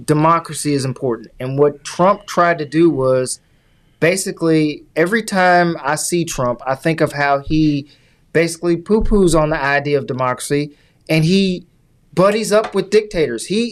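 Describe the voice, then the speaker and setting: A man with a slightly high voice explains politics in a podcast chat. He talks earnestly and at length, like he is giving a lecture. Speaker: podcast co-host.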